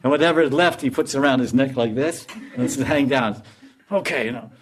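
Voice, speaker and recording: A man giving a storytelling sermon as a spiritual teacher, animated and laughing as he tells it. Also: mid-range voice, fairly quick, slight background noise. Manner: animated, laughs while telling.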